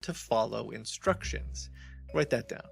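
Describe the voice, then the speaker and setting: A man's voice: medium pitch, animated, unhurried, creaky, husky, soft background music. A man narrating an explainer video in a dry, wry, instructive tone.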